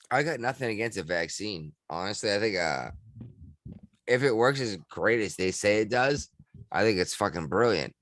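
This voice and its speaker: Brief: lowish-voiced male host, crude rambling humor, dry close sound. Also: animated, normal speed, a bit bright, no room sound. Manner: crude, rambling, laughs easily. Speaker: podcast host. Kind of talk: casual podcast chat.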